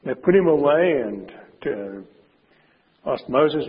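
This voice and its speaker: A man preaching a sermon with a very husky voice, speaking emphatically and slowing down to stress his warnings. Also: medium pitch, lively intonation. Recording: dull recording with long hall reverb.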